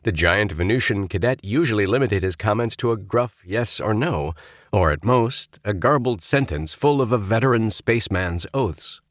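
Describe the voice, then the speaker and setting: A man narrating a children's space adventure audiobook with expressive storytelling. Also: on the low side, normal speed, no room sound, clean studio sound. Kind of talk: scripted narration.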